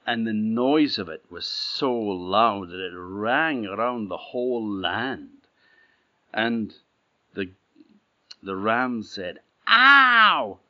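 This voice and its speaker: A middle-aged man with an Orkney Scots accent telling a folktale in a relaxed, plain-spoken way. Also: fairly low pitch, slow pace. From Orkney, Scotland. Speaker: storyteller. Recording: dull, slightly muffled audio.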